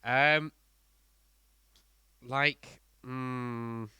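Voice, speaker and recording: A man co-hosting a podcast, talking in a casual, blunt and animated way with many fillers and restarts as he reviews an album. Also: mid-range voice, drawn-out words, clear, resonant tone, no echo. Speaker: podcast co-host.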